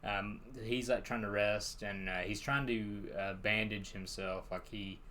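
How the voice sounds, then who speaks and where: A man's voice: fairly low pitch, fairly even intonation, a little slow, bright, forceful tone, a little hiss or hum. A young man co-hosting a podcast, chatting casually about a book and laughing often. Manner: laid-back, laughs often, plenty of fillers. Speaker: podcast co-host.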